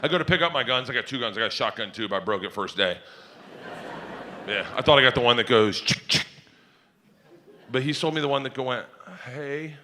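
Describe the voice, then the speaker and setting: A middle-aged man telling wild comic stories in a loud, rowdy way, often laughing and acting out other people's voices. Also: medium pitch, expressive, fast, background noise. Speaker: comedian. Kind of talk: stand-up and podcast storytelling.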